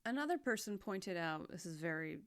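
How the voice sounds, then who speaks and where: A young woman chatting casually about a series she watched, heartfelt and expressive, moving between hushed and loud. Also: fairly low pitch, brisk. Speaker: anime reaction vlogger. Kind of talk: casual recap chat.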